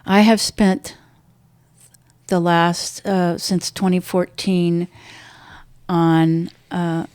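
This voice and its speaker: Older woman guest, halting emotional storytelling, darkish low voice, dry mic. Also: little pitch movement, clear, resonant tone, dry recording. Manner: halting, restarts often, voice drops low and soft at painful moments. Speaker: podcast guest.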